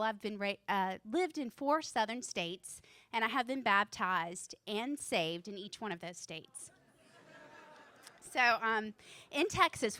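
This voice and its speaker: A woman's voice: on the high side, bright, forceful tone, no echo. A woman in her forties doing a stand-up comedy set on a club stage, nervous and self-deprecating, laughing at her own jokes. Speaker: student stand-up comic.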